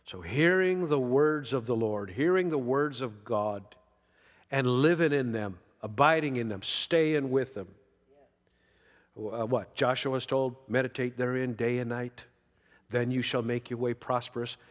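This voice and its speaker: A middle-aged man preaching a sermon, folksy and emphatic, jumping up for emphasis and dropping to a hush. He is in a church sanctuary. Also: mid-range voice, unhurried. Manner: folksy, emphatic preaching with sudden rises and soft drops. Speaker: pastor. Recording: long hall reverb.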